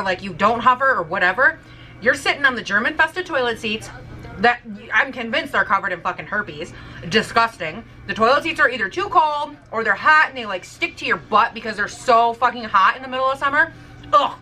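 A woman's voice: on the high side, pushed and bright, poor audio. A woman vlogging in a casual, rambling way at home in her kitchen, swearing often and saying "like" a lot. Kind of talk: casual chat.

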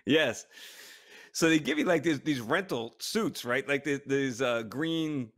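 A man's voice: mid-range voice, measured pace, fairly bright tone. A middle-aged man and podcast co-host telling a funny story in casual chat, often breaking into laughter and restarting his sentences. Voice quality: short of stature (said), plain voice. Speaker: podcast co-host, former astronaut.

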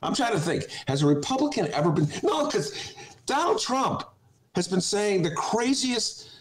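A man's voice: high voice, very animated, moderate pace, rough recording. A man hosting a talk show, giving casual comic commentary in a digressive way and often breaking into laughter.

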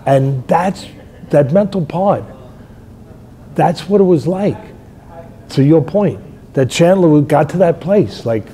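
An older man, hosting a fight talk show, telling stories in a rambling way and shouting out quoted lines. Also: a little high, slow, long pauses. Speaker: boxing trainer and show host. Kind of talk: animated fight analysis chat.

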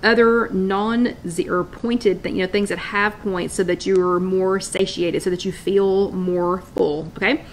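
A woman's voice: mid-range voice, steady tone, measured pace, a little hiss or hum. A woman hosting a casual live-stream wellness chat, talking in a chatty, rambling way and greeting viewers by name. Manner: chatty, repeats and restarts, addresses viewers by name. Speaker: wellness workshop host.

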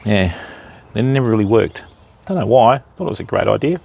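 A man's voice: lowish voice, expressive, brisk, gravelly, warm tone. An Australian man hosting a fishing livestream outdoors, chatting casually and joking with viewers. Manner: jokey, chatty, greets viewers by name. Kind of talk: casual live-stream chat. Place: outdoors by a river.

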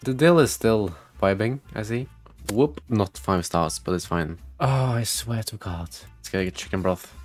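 A man with a fairly low voice gives running commentary while playing a game. He reads on-screen text aloud, swears freely and jumps between muttering and loud outbursts. Faint music sits underneath. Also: measured pace. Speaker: gaming video creator. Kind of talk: gameplay commentary.

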